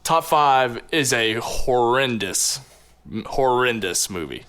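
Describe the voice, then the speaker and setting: A man hosting a casual movie podcast, laughing often and jumping between quick asides. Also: mid-range voice, animated, a bit bright, clear, resonant tone. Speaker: podcast host. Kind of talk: casual chat.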